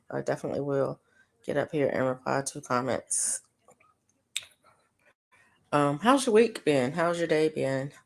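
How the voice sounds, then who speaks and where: A middle-aged woman with a low, creaky voice chats to live viewers while she crochets. She rambles with plenty of ums and laughs often. Her tone is loose and conversational. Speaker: live stream host. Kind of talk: casual chat to live viewers.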